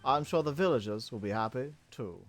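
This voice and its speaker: A man's voice: mid-range voice, animated, a little fast, over music. A man narrating a building game in character as a pompous, self-admiring town mayor, talking in a theatrical way. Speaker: game video host in a mayor persona.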